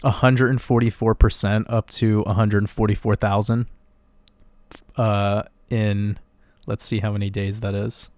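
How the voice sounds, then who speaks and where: A man giving a casual, rambling crypto chart analysis, getting excited and swearing now and then. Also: on the low side, measured pace, dry recording. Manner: excitable, rambling, swears, laughs at own numbers.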